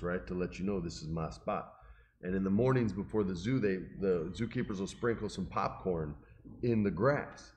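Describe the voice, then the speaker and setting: A middle-aged man casually telling an emotional, animated story and quoting the people in it. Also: sits low, a little hiss or hum. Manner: animated, emotional, quotes people in his stories.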